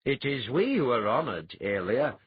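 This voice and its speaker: A man's voice: medium pitch, very animated, moderate pace, husky, lo-fi sound. A man voicing a genial, courtly clan chief in an audiobook reading. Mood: hearty.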